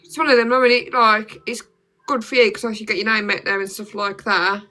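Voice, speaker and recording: A woman's voice: medium pitch, steady tone, fast talker, sharp tone, faint music behind. A young woman with a Black Country accent, chatting casually on a phone livestream and filling her talk with "like". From Birmingham, England. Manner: chatty, lots of "like" fillers.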